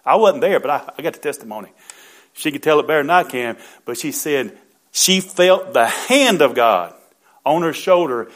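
A man's voice: mid-range voice, lively intonation, brisk. Fervent preacher man. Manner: fervent preaching with frequent amens, rising to loud emphatic bursts. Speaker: pastor. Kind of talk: sermon.

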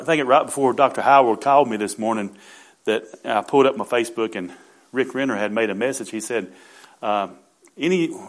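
A middle-aged man preaching a sermon as pastor, fervent, peppering his talk with amens and building to loud emphatic bursts. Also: mid-range voice.

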